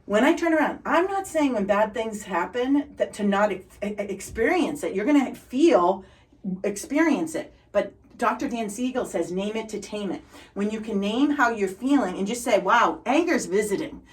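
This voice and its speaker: Her Boston accent comes through as this middle-aged woman, a guest in a conversation, spins cheerful stories full of energy and unflagging positivity. She talks at a moderate pace in a higher-leaning voice, captured from a distance on a rough recording.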